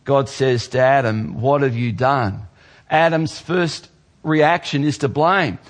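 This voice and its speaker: A male pastor preaching a sermon, dropping low and slow for scripture and jumping higher for playful mock voices.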